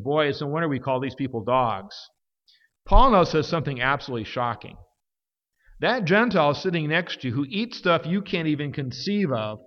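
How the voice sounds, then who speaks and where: A man preaching a sermon, emphatic, swinging from forceful peaks down to quiet, low stretches. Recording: dull sound with long hall reverb.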